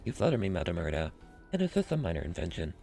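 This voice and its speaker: Deep and gravelly, this is a man doing a calm, formal robot scholar from a sci-fi game. He speaks in a measured, mechanical monotone with faint music underneath. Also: exaggerated voice.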